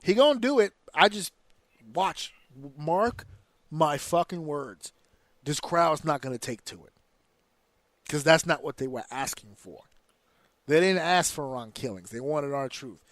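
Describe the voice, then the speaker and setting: Podcast host, male, fairly high voice, dry close sound; heated and profane, talking in slang. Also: unhurried, pauses often, a bit bright, no room sound. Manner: profane, heated opinionated rant; slips into slang and mimicked voices. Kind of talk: casual wrestling commentary.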